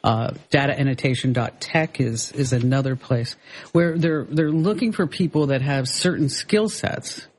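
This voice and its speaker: A man's voice: medium pitch, normal speed, husky. A man hosting a radio show, chatting casually and loosely, with plenty of filler words and restarts, on a studio microphone.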